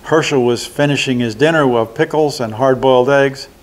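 An older man, a resident, reading a holiday children's story aloud in a slow, deliberate way. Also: mid-range voice.

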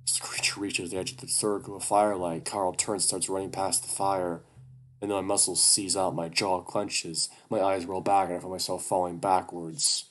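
A man reading a first-person horror story aloud at a steady, even pace. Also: sits low, moderate pace, a little hiss or hum. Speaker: audiobook narrator.

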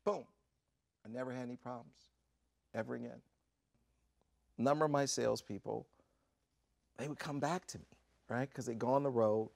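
Gravelly man telling animated stories. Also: medium pitch, moderate pace, long pauses, no echo. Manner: animated anecdotes with acted-out quotes. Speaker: interview guest. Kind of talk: storytelling in a sit-down interview.

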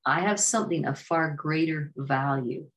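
A woman voicing a dignified female goose who speaks slowly and formally. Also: low-pitched, close to an everyday voice. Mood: gracious. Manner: slow, formal and courteous.

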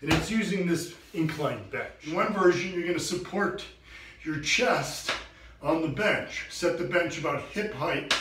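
A man coaching a workout tip, energetic and instructive, out of breath from training. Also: on the high side, measured pace, reverberant, far from the mic, background noise. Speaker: fitness coach. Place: gym.

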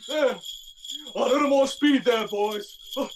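Brief: young actress as old Santa yelling to his reindeer, high voice, distant noisy stage recording. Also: measured pace, lightly acted. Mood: urgent. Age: young adult. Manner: loud, calling out excitedly. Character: jolly elderly Santa driving his sleigh. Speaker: student actor. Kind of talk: stage play acting.

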